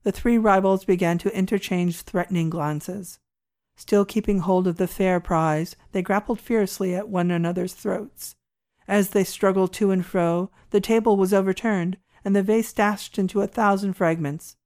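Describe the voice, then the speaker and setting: A woman narrating a classic short story in a measured, expressive storytelling manner. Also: mid-range voice. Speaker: audiobook narrator.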